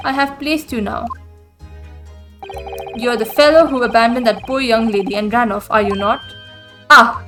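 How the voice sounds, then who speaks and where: A woman voicing a flamboyant, self-assured gentleman detective with a breezy, theatrical manner. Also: very high voice, full character voice. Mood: reproachful.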